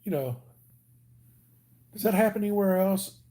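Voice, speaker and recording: A man's voice: sits high, expressive, moderate pace, mellow. A man with a Southern US accent chatting casually on a livestream, rambling and joking with his viewers as he reads their comments. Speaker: livestream host.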